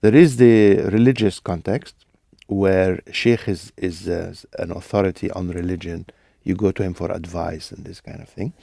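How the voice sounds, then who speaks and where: A man with a low, gravelly voice calmly models phrases for learners and adds short explanations. His delivery is clear and measured in a dry studio. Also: no echo. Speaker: native-speaker model voice.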